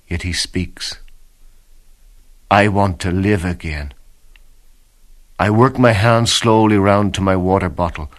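A man giving a dramatic first-person reading of a soldier's diary in a grave, measured way, often sinking to hushed tones. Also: deep voice. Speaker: diary reader.

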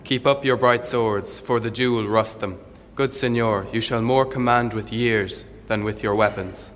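Give me a man playing a fearless, noble general who speaks calm, commanding Shakespearean verse in an echoing hall. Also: medium pitch, a little slow, a little hiss or hum, lightly acted. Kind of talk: Shakespearean stage acting. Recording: long hall reverb, faint ambience, distant.

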